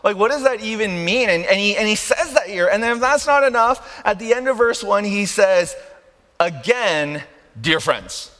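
Bright-voiced pastor preaching in a hall. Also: male voice, high-pitched, fairly quick, few pauses. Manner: conversational, keeps asking "right?". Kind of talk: sermon. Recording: long hall reverb.

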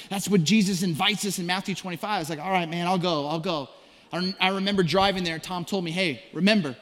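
A male pastor preaching a sermon and telling stories, dropping to a hush and then rising to loud cries. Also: sits high. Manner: storytelling preacher, swings from hushed to shouted. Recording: long hall reverb.

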